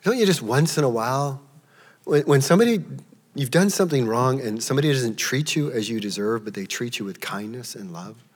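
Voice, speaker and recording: A man preaching a sermon in a church, emphatic, his voice jumping high as he acts out quotes. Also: animated, brisk, breathy edge, big-room sound. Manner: emphatic, rising to a high pitch when acting out quotes. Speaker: pastor.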